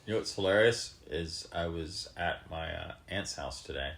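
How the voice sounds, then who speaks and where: Deep gravelly man, hesitant. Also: normal speed, fairly bright tone. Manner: hesitant, filler-heavy. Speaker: podcast co-host. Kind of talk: casual chat.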